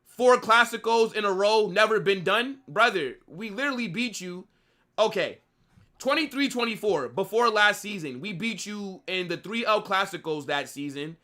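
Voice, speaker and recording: A man's voice: high voice, animated, moderate pace, pushed and bright. A young man hosting a live football stream, bantering combatively and mocking commenters in his chat.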